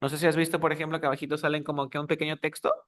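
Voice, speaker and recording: A man teaches English over a video call and slips between both languages as he explains. His voice sits a little high, and he acts out small example dialogues to show each phrase. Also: little pitch movement, racing, fairly bright tone. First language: Spanish. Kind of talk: online English lesson.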